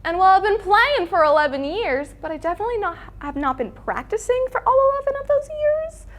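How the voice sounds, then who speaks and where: A woman's voice: very high-pitched, sing-song, brisk, a bit bright. A teenage girl performing a stand-up routine, acting out family members in different voices. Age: teens. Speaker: student comedian.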